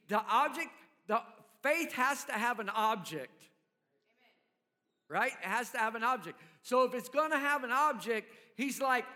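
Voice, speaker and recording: A man's voice: very high voice, expressive, slow pace, sharp tone. A male pastor preaching a sermon in a conversational way, often checking in with the congregation. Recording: long hall reverb.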